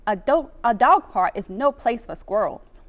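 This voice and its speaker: A woman doing an excitable pet dog from an audiobook. The dog calls out in a bright, pleading, raised voice, higher than the reader's own, full of eagerness. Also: unhurried, in a large hall. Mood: indignant. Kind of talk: audiobook reading.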